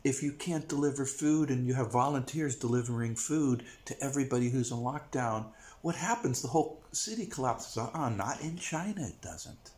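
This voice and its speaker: A man's voice: mid-range voice, moderate pace, a little mellow. A man delivering a blunt, repetitive, profane rant to camera as a vlogger. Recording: echoey room.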